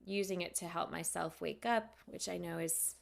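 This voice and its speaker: A woman who teaches yoga, chatting casually with viewers on a live stream, unhurried and loose with fillers and restarts. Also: on the low side, steady tone, creaky.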